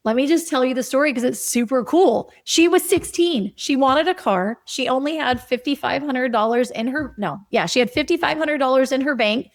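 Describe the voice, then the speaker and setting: A middle-aged woman, a physician and property investor, telling stories in a podcast interview with an energetic, emphatic coaching tone. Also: sits high, normal speed, hardly any pauses, no echo, clean studio sound. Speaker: physician and real estate investor guest.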